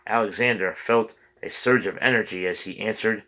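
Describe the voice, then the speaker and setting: A man narrating an audiobook chapter in a steady, measured reading. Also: on the low side. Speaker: audiobook reader.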